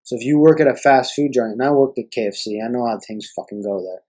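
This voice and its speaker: A man's voice: medium pitch, quick pace, mellow, poor audio. A young man hosting a podcast, ranting in an exasperated, profane way. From Canada. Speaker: podcast host.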